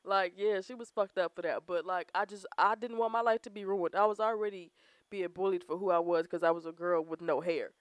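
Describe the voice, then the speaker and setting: A woman's voice: lowish voice, steady tone, fairly quick, dry recording. Blunt profane young woman storyteller. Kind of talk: casual storytelling chat.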